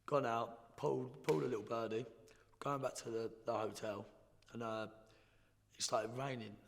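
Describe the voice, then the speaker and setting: A young man tells his story bluntly, in slang, often stopping and restarting. His voice sits at an ordinary middle pitch. The sound rings with a long reverb, like a big hall. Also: steady tone, moderate pace, gravelly. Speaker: guest. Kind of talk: casual storytelling.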